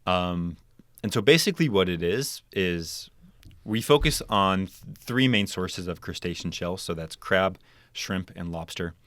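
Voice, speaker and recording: A man's voice: low-pitched, lively intonation, measured pace, fairly bright tone, dry recording. A young man, a chemical engineer, explaining his research in a casual interview, with many ums and likes. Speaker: podcast guest, chemical engineer.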